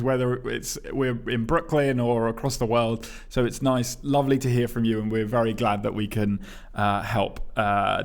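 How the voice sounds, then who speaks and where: A man reads listener emails on a casual podcast and chats with his co-host, laughing often. His voice sits at an ordinary middle pitch and jumps sharply upward as he reacts. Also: a bit bright.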